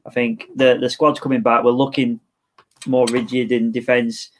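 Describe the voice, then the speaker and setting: A man co-hosting a casual football podcast, relaxed and opinionated. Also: mid-range voice, moderate pace, a little hiss or hum. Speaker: podcast co-host.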